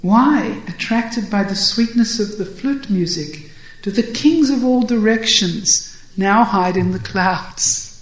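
A woman voicing a gentle young male cowherd who speaks softly and tenderly. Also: mid-range voice, slow pace, roomy sound, natural voice, poor audio.

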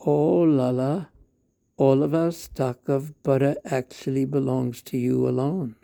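A man's voice: medium pitch, steady tone, takes it slowly, vocal fry, warm tone, no echo, studio quality. A man voicing the doting mother Yashoda in a told story, speaking with raised, affectionate tenderness. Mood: tender.

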